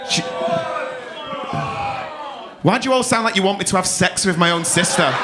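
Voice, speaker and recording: A man's voice: sits high, slow, long pauses, over music. A man compering a live comedy night, teasing the crowd with cheeky, swearing banter. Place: comedy club. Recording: live club room with crowd noise.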